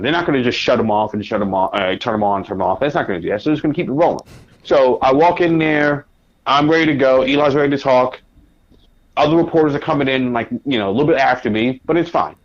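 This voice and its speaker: Man guest, mid pitch, animated storyteller, lo-fi dull sound. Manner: animated anecdote with quoted asides. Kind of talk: casual storytelling. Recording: dull lo-fi audio.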